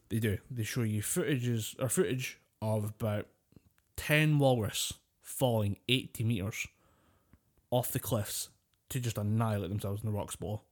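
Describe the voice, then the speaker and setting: A man's voice: on the low side, normal speed, darkish tone. A man co-hosting a casual podcast, telling a story with a lot of swearing and laughter. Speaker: podcast co-host. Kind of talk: casual chat.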